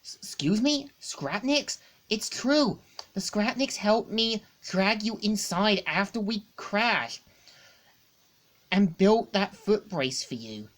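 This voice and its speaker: A woman voicing an excitable young male fox sidekick from a comic, eager and gushing. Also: medium pitch, takes it slowly, pitched above the performer's own voice. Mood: urgent.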